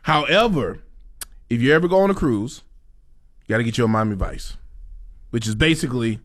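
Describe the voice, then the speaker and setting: A man's voice: mid-range voice, lively intonation, fairly quick. A man co-hosting a casual podcast, chatting playfully about food and drinks. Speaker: co-host.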